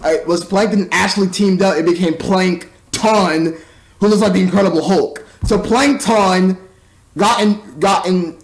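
A man's voice: high-pitched, creaky. A man casually recapping and reviewing a movie, rambling with stumbling restarts and mocking asides. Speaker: film reviewer.

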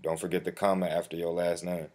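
Very deep-voiced man, slangy tutorial. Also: little pitch movement, fast, darkish tone. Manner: slangy, addresses viewer as bro; profane when flustered. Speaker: tutorial host. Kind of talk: casual screen-recorded walkthrough. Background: keyboard typing and mouse clicks.

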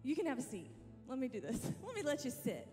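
A woman's voice: high voice, very animated, fast talker, warm tone. A woman making friendly church announcements from the stage, introducing visiting missionaries. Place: large church sanctuary. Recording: live in a reverberant church with music.

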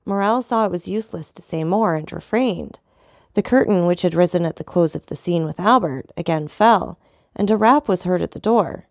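Woman narrator, lower voice, steady audiobook reading of a classic, dry close sound. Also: normal speed, no room sound. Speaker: storyteller.

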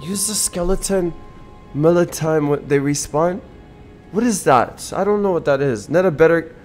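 A young man streaming a video game, narrating his play with exasperated mutters that break into loud outbursts, game music behind him. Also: on the high side, moderate pace. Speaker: gaming streamer. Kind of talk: live gameplay commentary.

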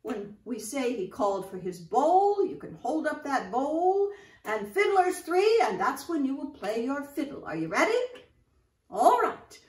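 An older woman presenting nursery rhymes to young children, talking to them in an animated, sing-song way. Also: high-pitched, unhurried, reverberant, far from the mic. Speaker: children's storyteller in costume.

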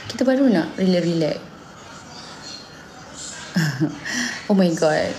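A woman in her thirties with a Malaysian accent, chatting casually and telling animated stories, switching between English and Malay mid-sentence. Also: lowish voice, slow, slight background noise. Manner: animated storytelling, acting out her son's lines. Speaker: singer and mother. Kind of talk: casual chat.

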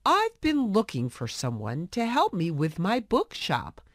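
Woman voicing a gentle bookseller, kind, reassuring, slow, lively intonation. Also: lowish voice, dry recording, studio quality, exaggerated voice. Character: kindly respected male bookseller, calm and generous.

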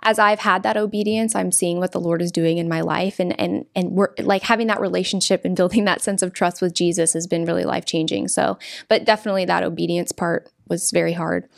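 A woman's voice: on the low side, fairly even intonation, fairly quick, creaky, hardly any pauses, no room sound, clean studio sound. A young woman guest from California, speaking earnestly in conversation, often restarting and repeating her words. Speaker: interview guest.

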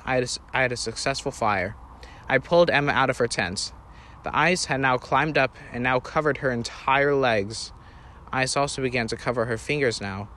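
A man's voice: medium pitch, bright, forceful tone, slight background noise. A man reading a first-person story aloud, earnest and plain, sometimes correcting himself.

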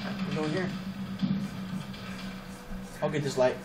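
A man playing a video game and commenting on it, excitable and swearing as he mutters to himself. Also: on the high side, slow pace, over music. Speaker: let's play gamer. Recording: echoey, distant with background noise.

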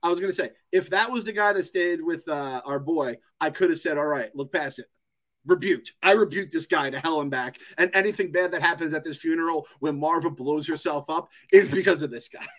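A man's voice: a little high, a little fast, a bit bright. A young man hosting a podcast in a casual chat, ranting, swearing and laughing often. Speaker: podcast host.

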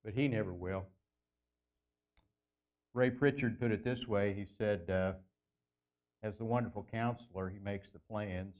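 A man's voice: fairly even intonation, darkish tone, lo-fi sound. Earnest male pastor preaching. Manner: earnest preaching, slows and lifts pitch for emphasis. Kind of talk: sermon. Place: church sanctuary.

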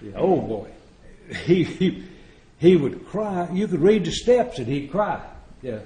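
A man's voice: fairly high pitch, very animated, takes it slowly, mellow. A man speaking at a recovery retreat, telling stories in a folksy, joking way and chuckling often. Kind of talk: storytelling recovery talk. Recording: echoey room.

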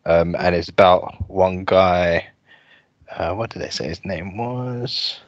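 Deep young male co-host, rambling casual chat, dry muffled recording. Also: slow pace, no room sound. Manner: rambling, laughing, full of fillers. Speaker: podcast co-host.

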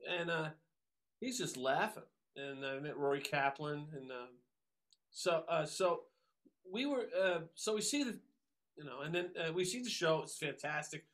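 A man, a drummer telling stories as a guest, animated and acting out the voices of people he quotes. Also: a little high, moderate pace. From Long Island, New York. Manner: animated, acts out quoted voices, many fillers. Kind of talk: casual storytelling interview.

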